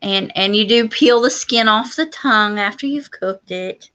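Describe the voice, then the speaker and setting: A woman's voice: medium pitch, moderate pace, a bit bright. A woman co-hosting a homestead livestream, chatting casually and enthusiastically with lots of yeahs. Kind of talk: casual live-stream chat.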